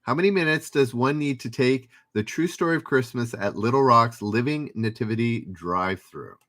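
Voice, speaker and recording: A man's voice: medium pitch, moderate pace, a bit bright. A man hosting a trivia livestream, reading out questions and viewers' names with dry little asides.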